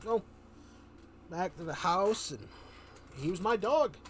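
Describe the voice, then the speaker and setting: On a live stream, a man tells a meandering story in casual chat, frequently laughing and starting sentences over. His voice is high-pitched and animated but slow, and there's slight background noise.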